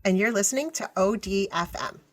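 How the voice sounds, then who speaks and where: A woman's voice: medium pitch, a little fast. A woman co-hosting a podcast, reacting to the story in casual chat, often laughing and swearing bluntly. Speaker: podcast co-host.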